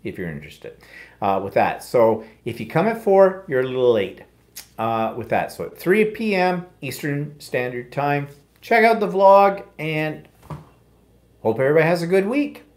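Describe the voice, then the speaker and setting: A man's voice: on the high side, big pitch swings, normal speed. A middle-aged man with an Ontario Canadian accent, co-hosting a casual live chat in a wry, self-deprecating way. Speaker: co-host.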